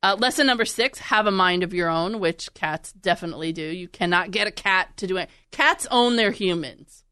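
Chatty woman host, smooth clear voice on a dry close mic. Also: fairly low pitch, sharp tone, no echo. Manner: chatty, laughing, quick to act out animals. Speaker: podcast host and radio producer. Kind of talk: casual chat.

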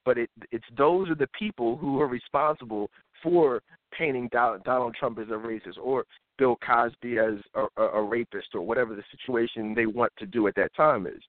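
A man's voice: medium pitch, dry recording. A man hosting a live talk show, giving casual political commentary and slipping into impressions of others. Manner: animated, mimics others in voices. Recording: dry phone-like audio.

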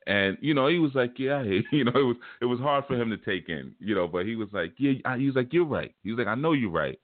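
A man hosting a show, telling a story in a relaxed, rambling way and acting out what people said. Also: mid-range voice, fast talker, no echo. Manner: relaxed storytelling, repeats "man", acts out quotes. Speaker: spiritual teacher and show host. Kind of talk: casual monologue. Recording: dry phone-like sound.

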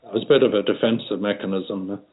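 Older liverpool guy, lowish voice, lots of ums, tinny phone line. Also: steady tone. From Liverpool, England. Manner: unhurried, many fillers and restarts. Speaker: guest. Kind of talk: casual interview reminiscence.

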